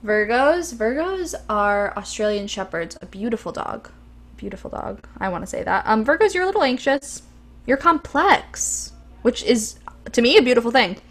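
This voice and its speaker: A woman's voice: fairly high pitch, big pitch swings, normal speed. A young woman co-hosting a podcast, chatting casually and enthusiastically with frequent ums. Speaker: podcast co-host. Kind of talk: casual chat.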